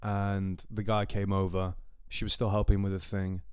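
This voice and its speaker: A man's voice: low voice, monotone, moderate pace, a little mellow, clear, resonant tone, no room sound, studio quality. A young man co-hosting a podcast, telling a long travel anecdote in a rambling, casual way, acting out the people he met. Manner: rambling anecdotes with quoted voices, swearing. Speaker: podcast co-host. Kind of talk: casual storytelling chat.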